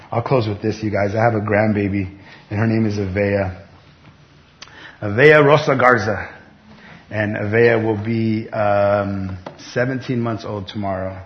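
A middle-aged man preaching a sermon as pastor, talking conversationally with bursts of excited emphasis. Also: fairly low pitch, normal speed. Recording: dull lo-fi sound with faint background noise.

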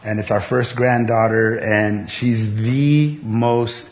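A middle-aged man preaching a sermon as pastor, talking conversationally with bursts of excited emphasis. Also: mid-range voice, takes it slowly. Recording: dull lo-fi sound with faint background noise.

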